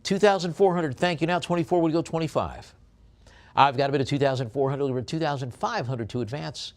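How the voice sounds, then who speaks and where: A male auctioneer calls bids at a live auction in a brisk, rhythmic chant, tossing in chatty asides about the lots. On a coaxing "please" his voice drops low and soft.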